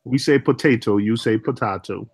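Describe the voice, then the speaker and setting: A man's voice: medium pitch, animated, moderate pace, heavy background noise. A man from Jamaica chatting casually in a playful, teasing way. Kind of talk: casual group chat.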